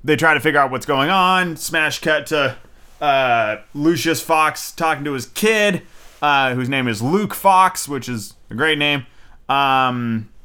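Bright-voiced man rambling through a review. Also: a little high, clear, resonant tone. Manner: rambling and excitable, full of fillers and swearing. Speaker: movie reviewer. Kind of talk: casual spoken review.

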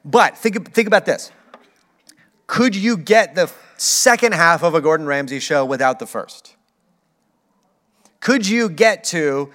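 A man's voice: sits high, lively intonation, unhurried, fairly bright tone. A man preaching a sermon in a casual, conversational way, with playful acted asides. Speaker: pastor.

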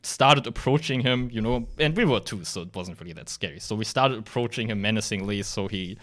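A man's voice: fairly low pitch, a little fast, a bit bright. A young man hosting a casual podcast, telling a story with lots of fillers. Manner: rambling storytelling with many fillers. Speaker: podcast host.

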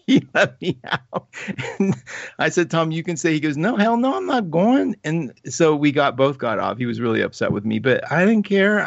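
A man hosting an astrology show, telling a self-mocking story in a chatty, animated way with many "like"s. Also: fairly high pitch, no echo, dull audio. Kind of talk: casual storytelling monologue.

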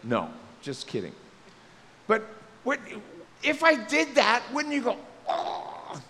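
A man preaches in a high, bouncing voice that leaps up and down as he jokes and acts out little scenes from scripture. His words ring through a church with a long hall echo. A faint hum sits underneath. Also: slow. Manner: lively, joking, acts out quotes in voices. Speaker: pastor. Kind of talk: sermon. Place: church sanctuary.

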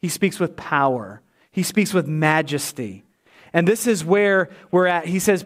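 Preaching with a fairly high pitch and a slightly slow delivery, this male pastor is animated, moving from forceful, loud statements to soft, hushed moments.

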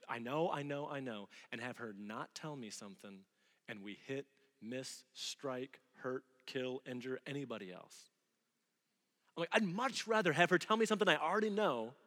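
A man in his thirties preaching a sermon in a church, telling lively stories and acting out the voices of the people in them. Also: on the high side. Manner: animated storytelling, acting out quoted voices. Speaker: pastor. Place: church sanctuary. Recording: long hall reverb.

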